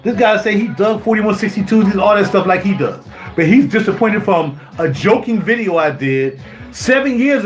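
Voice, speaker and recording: A man in his fifties ranting on a live stream. He sounds indignant, repeats himself and fires off rhetorical questions. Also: high-pitched. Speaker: YouTuber. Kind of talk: heated live-stream rant. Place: home music studio.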